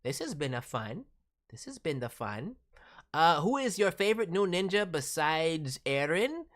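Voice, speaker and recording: Playful woman streamer with a lively voice. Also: deep voice, measured pace. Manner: playful, bouncy, teasing. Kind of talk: casual live-stream chat.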